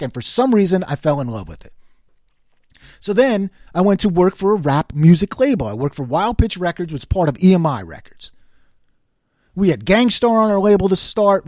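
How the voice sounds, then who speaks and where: With a high-pitched voice in a dry, studio-quality recording, an older New York City–area man hosts a commentary show. He complains in a casual, animated monologue, full of sarcasm and exasperation.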